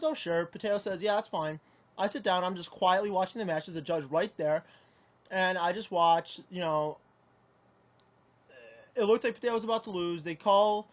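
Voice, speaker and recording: A young man telling a personal account to camera in a rambling, indignant way, often restarting his sentences. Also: sits high. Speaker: card game player. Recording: muffled lo-fi audio.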